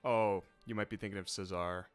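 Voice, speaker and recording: A man running a tabletop game as game master, narrating in an unhurried way with many filler pauses. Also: lowish voice, steady tone, soft background music.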